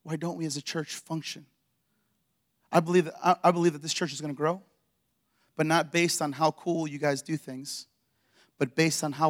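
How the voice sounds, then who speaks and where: High-voiced pastor preaching with energy. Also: male voice, normal speed, long pauses. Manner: energetic storytelling, acting out dialogue. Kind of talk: sermon. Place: church.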